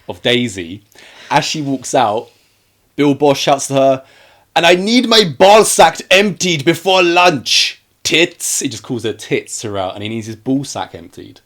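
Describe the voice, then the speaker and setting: Man retelling film scenes. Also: medium pitch. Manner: animated retelling, acts out quoted lines. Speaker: podcast co-host reviewing films. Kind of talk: casual film review chat.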